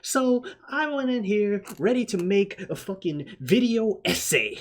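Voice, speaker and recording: A man hosting a casual movie-review podcast, ranting loudly and swearing often. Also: sits high, a little slow. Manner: profane, animated ranting. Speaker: podcast host.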